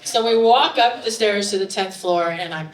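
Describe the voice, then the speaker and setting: Animated woman telling a story on stage. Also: medium pitch, moderate pace. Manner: animated, grows loud and excited in the retelling. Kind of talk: live storytelling to an audience. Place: stage in a bar, audience present. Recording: roomy live recording from a distance, faint room noise.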